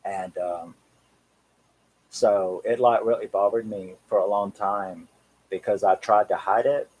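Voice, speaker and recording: Husky low-voiced Cockney man chatting. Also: steady tone, unhurried, a little mellow, rough recording. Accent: Cockney English. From England. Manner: rambling, chatty, chuckles often. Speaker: horror channel host. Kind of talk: casual live-stream chat.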